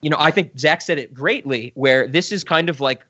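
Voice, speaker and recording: A man's voice: a little high, brisk, sharp tone, dry recording, lo-fi sound. A man co-hosting a film podcast, talking enthusiastically and rambling with restarts. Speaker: podcast co-host. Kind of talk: casual film discussion.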